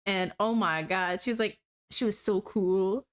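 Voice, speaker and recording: On a live stream from a home room, a young woman in her twenties repairs a cosplay while chatting casually, rambling through stories, giggling often and using plenty of fillers. Her medium-pitched voice is unhurried and clean in tone, picked up by a streaming setup.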